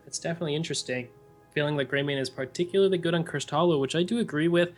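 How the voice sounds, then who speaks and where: A man's voice: a little high, fairly even intonation, racing, soft background music. A young man giving earnest, analytical color commentary on a live esports match.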